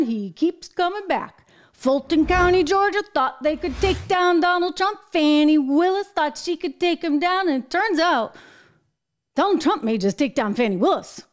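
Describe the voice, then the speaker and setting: An American woman hosting a political commentary show, talking in an emphatic, animated way with exasperated asides. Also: very high-pitched, measured pace. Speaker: show host.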